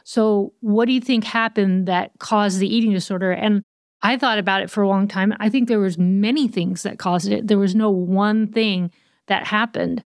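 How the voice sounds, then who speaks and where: A woman with a mid-range voice co-hosts a podcast in relaxed conversation. She talks in a reflective, searching way, often pausing on small fillers. The recording is dry and close, with no room sound. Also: medium pitch, dry recording. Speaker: podcast co-host. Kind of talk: casual podcast talk.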